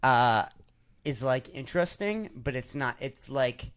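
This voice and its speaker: A young man chats on a podcast in a loose, joking way, swearing freely as he riffs. His voice sits at an everyday middle pitch for a man. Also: animated, measured pace, fairly bright tone, smooth. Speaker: podcast host and comedian. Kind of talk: casual podcast chat.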